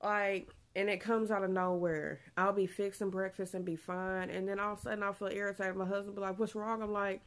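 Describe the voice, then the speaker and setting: A woman's voice: mid-range voice, little pitch movement, a little fast, few pauses. A young woman, chatting casually in a pregnancy vlog, a bit out of breath, laughing often. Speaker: vlogger.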